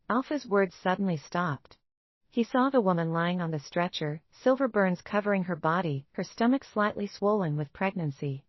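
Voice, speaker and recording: A woman with a lower voice tells a first-person romance story in a steady, dramatic way. The sound is dry and a little dull, like a lo-fi recording. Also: normal speed, no echo. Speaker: narrator.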